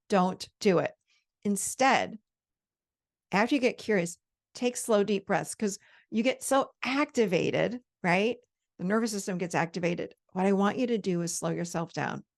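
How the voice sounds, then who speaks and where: Woman, personal growth host, emphatic delivery, animated and repetitive phrasing. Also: mid-range voice. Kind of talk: talking-head advice talk.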